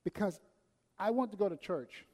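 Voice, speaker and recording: A man preaching a sermon, swinging between loud emphasis and hushed, quiet passages. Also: sits high, animated, normal speed. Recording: long hall reverb.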